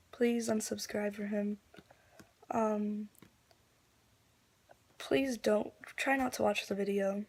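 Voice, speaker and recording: A woman talks straight to her camera at a slow, unhurried pace, her pitch staying flat and even. She is subdued and disgusted as she retells events. At times her voice sinks to a soft half-whisper. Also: vocal fry. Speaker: vlogger. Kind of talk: reaction commentary.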